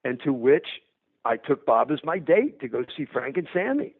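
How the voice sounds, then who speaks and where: A man telling an animated, profane anecdote and acting out what people said. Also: mid-range voice, normal speed. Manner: profane, energetic, acts out dialogue. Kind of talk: animated storytelling. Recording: tinny phone-like sound.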